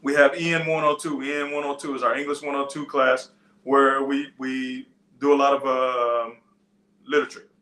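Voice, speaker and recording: Bright-voiced preacher in an echoey church. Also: male voice, medium pitch, flat delivery, moderate pace. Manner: conversational, digressive teaching with restarts. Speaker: pastor. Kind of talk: sermon.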